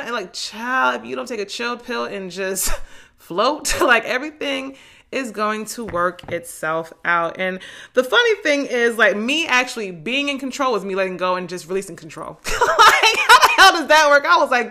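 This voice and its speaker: At a moderate pace, a young woman from New Jersey hosts her podcast with a slangy, easygoing motivational monologue. Her animated delivery is full of laughter, shifting from loud bursts to soft, low asides.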